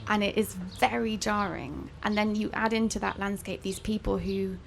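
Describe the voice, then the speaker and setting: A woman's voice: medium pitch, fairly even intonation, moderate pace, creaky, slight background noise. A young woman author chatting candidly at a bookshop event, telling wry stories about her travels. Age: young adult. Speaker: author guest.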